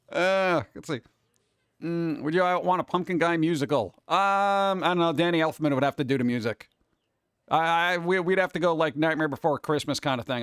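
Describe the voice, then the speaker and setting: Rambling, jokey male streamer, slightly high. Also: clear, resonant tone, no room sound, studio quality. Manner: rambling, jokey, jumps between topics. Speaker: cartoon creator and streamer host. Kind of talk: casual chat with a live chat audience.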